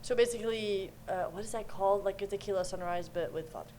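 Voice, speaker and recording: A young woman from Belgium, a podcast guest, chatting casually and reacting quickly. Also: medium pitch, dark tone, a little hiss or hum. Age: young adult. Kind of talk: casual chat.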